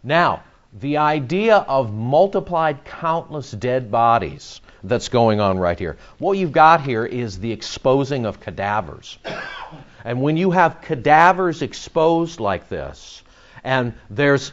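A man's voice: mid-range voice, sing-song, takes it slowly, dull audio. A man preaching an expository sermon, emphatic and repetitive, stressing key words with frequent fillers and restarts. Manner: emphatic, repeats words for effect, many fillers.

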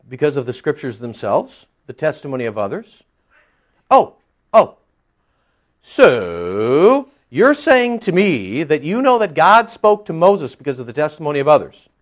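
A man's voice: on the high side, big pitch swings, measured pace, highs cut off. A man preaching an expository Bible-teaching sermon, emphatic and fond of rhetorical questions and pointed retorts.

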